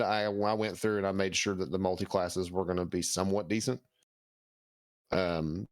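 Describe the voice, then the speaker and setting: A man's voice: on the low side, no echo. Casual man running a tabletop game. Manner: casual, rambling with fillers. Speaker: dungeon master.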